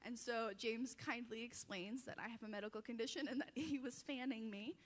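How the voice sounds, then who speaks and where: A woman's voice: fairly high pitch, brisk, big-room sound. Chatty young woman telling a church story. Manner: chatty and self-deprecating, breaking into laughter. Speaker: friend giving a farewell tribute. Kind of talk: casual storytelling speech. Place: church service.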